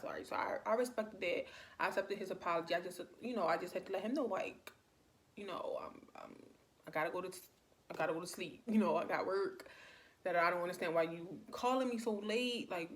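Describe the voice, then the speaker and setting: Young woman vlogger, lowish voice, chatty storytime delivery, loose and filler-heavy, faint background hiss. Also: brisk. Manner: chatty, many "like" fillers, animated retelling. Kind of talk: casual storytime.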